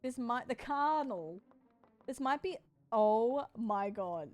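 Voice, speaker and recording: A woman's voice: fairly high pitch, very animated, measured pace. A woman streaming, chatting casually with viewers in a bubbly, playful way. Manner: bubbly and playful, talks to chat. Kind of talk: casual sponsored livestream chat.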